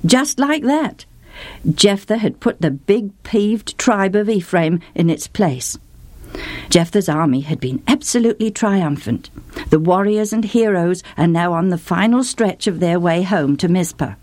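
A woman's voice: lowish voice, expressive, unhurried, a little mellow. A woman telling a story vividly and emotionally, speaking straight to her listeners. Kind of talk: dramatic storytelling. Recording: faint music behind.

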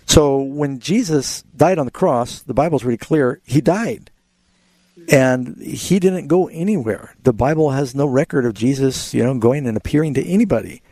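Gravelly radio bible host guy, earnest, walks callers thru scripture. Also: mid-range voice, lively intonation, normal speed, dark tone, no echo. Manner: earnest, explanatory, quotes scripture at length. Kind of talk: call-in radio Bible answers. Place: radio studio.

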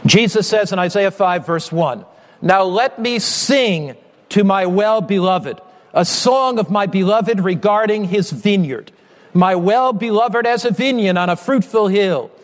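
A man preaching a sermon with impassioned appeals, often rising to shouting. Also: sits high, lively intonation, a little slow, big-room sound.

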